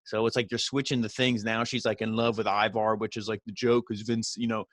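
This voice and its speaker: A man's voice: on the low side, flat delivery, a little fast, a bit bright, no echo, studio quality. A man giving a casual, rambling recap of a wrestling show, full of fillers and the odd swear word.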